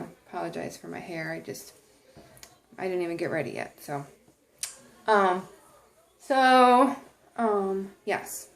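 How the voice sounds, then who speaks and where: A woman talking earnestly to camera in a casual inspirational vlog, with many ums and restarted sentences. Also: medium pitch. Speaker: vlogger.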